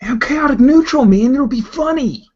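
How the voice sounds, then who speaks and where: A man's voice: extremely high pitch, animated, moderate pace, darkish tone, lo-fi sound, pitched above the performer's own voice. A man doing a teasing gnoll tech girl. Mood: gleeful.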